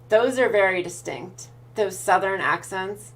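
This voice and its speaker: A woman's voice: mid-range voice, takes it slowly, creaky, pauses often. A woman with a Pacific Northwest American accent, streaming and chatting casually with viewers as she answers their messages. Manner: relaxed, thinks aloud with restarts while reading chat.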